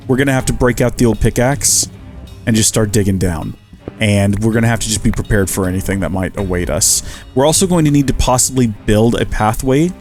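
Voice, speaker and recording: A man's voice: mid-range voice, darkish tone. A man giving casual, chatty commentary while playing a survival game, talking to the animals he meets and joking with himself. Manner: chatty, talks to animals and himself, jokey asides. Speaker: Minecraft let's-play host.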